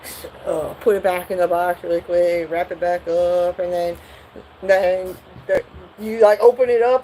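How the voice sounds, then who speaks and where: A woman's voice: lowish voice, steady tone, unhurried, noisy background. A woman doing a live tarot reading, talking bluntly and profanely in a rambling way. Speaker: tarot reader.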